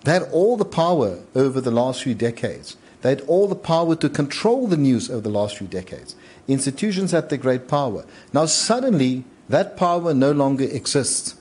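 A man speaking at a conference panel with a husky, slightly rough voice. He talks emphatically and rousingly, often repeating words as he builds a point. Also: mid-range voice, big pitch swings, moderate pace, darkish tone. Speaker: panelist, media owner. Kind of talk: panel discussion. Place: large conference hall.

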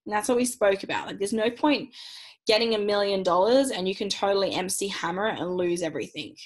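A bubbly woman hosts a live online call, pitching her coaching program in a loose, chatty way. She swears freely and laughs easily. Her pitch is mid-range for a woman. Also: fast talker, low-quality recording. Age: young adult. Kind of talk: live webinar sales pitch.

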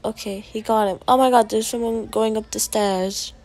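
A woman giving casual gameplay commentary as a video creator, chatty and prone to excited yelling at the game. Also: on the high side, normal speed, few pauses.

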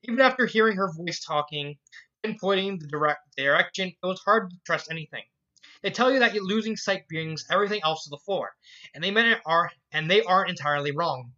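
A reader narrating a fan fiction story aloud in a measured, earnest way. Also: mid-range voice, expressive, sharp tone. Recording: dull lo-fi recording.

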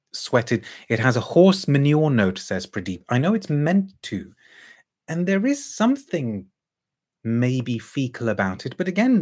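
A man reviewing a perfume in a thoughtful, musing way, reading out viewer comments and answering them. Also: medium pitch. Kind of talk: casual live review chat.

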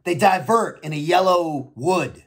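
A man's voice: sits high, a little slow, a bit bright, breathy edge. An American man telling his own story in a blunt, profane and reflective way. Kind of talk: personal storytelling monologue.

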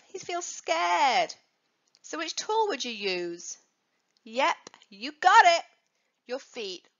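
A woman's voice: sits high, bright, forceful tone. A woman teaching young children about dog safety, coaxing answers with questions and playful prompts. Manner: sing-song, coaxing questions to kids. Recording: dull lo-fi recording.

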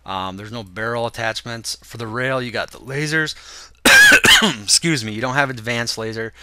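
A young man, a gaming video host, talks casually through a game walkthrough in a mid-range, stuffed-up, congested voice at a moderate pace. He sounds relaxed, thinking aloud with fillers, and there's slight background noise.

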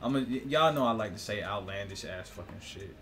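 A man's voice: lowish voice, expressive, a little fast, fairly bright tone. A man hosting his own video channel, talking loosely and profanely in a rambling monologue, laughing often and throwing questions at viewers. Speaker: vlogger, host of own channel. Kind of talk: casual rambling monologue to camera.

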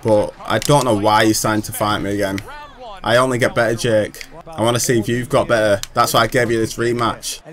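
A man's voice: mid-range voice, a bit bright. A man giving hyped, trash-talking gameplay commentary, laughing often. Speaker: gaming channel host.

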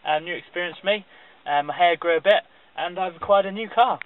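A man with a voice a little higher than most delivers a rambling, deadpan comic review full of ums. The audio is thin and phone-like, with faint hiss behind him. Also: a little fast. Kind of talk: comic dinner review to camera. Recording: tinny phone-like camera audio.

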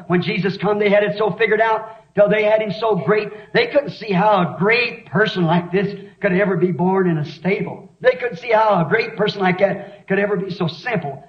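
A high-pitched, middle-aged preacher delivers a fiery revival sermon, swinging from storytelling into shouted appeals. His voice rings through an echoey meeting hall. The sound is a dull, lo-fi 1960s tape. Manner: impassioned, storytelling, rising to shouts.

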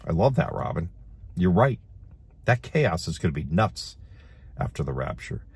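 A middle-aged man hosting a casual commentary show, reading headlines aloud and adding animated, laughing remarks. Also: low-pitched, moderate pace, vocal fry, slightly rough, no room sound. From United States. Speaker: host.

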